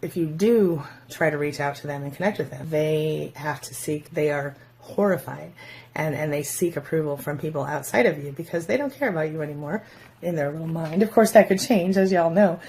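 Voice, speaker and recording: A woman speaks candidly to her viewers in a low register with a gravelly fry. She slips into mocking voices for quoted remarks as she talks, and a faint hiss sits under her voice. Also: a little fast, a little mellow. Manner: frank, conversational, acts out quoted voices mockingly. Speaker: relationship advice vlogger. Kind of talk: casual advice talk to camera.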